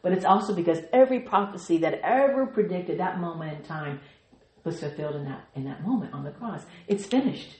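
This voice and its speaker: A woman teaches scripture in a lively, swooping voice that rises and falls a lot. She keeps it playful with laughing asides and her own sound effects. The room around her is echoey. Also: lowish voice, a little fast. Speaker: Bible study teacher. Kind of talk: animated Bible teaching.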